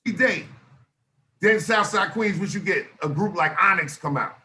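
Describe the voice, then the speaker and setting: A man from Northern Illinois, a guest on a podcast, telling stories in animated casual talk with bursts of loud laughter. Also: high-pitched, moderate pace. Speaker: guest rapper.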